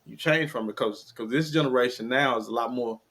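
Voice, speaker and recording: A man in his forties, a podcast guest, speaking in a measured, reflective way about parenting. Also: mid-range voice, a bit bright. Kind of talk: casual chat.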